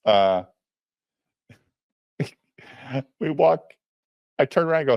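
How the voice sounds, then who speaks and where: A man's voice: mid-range voice, expressive, extremely slow, no room sound, lo-fi sound. A man telling a story in a casual, profane style, often addressing his listener directly.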